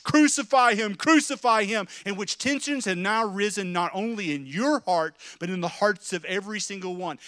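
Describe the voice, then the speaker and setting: A man preaching a sermon, telling a dramatic story in the second person, dropping to a hush and rising to loud shouts. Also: no echo, studio quality. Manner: vivid, swings from loud crowd shouts to hushed low narration. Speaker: pastor.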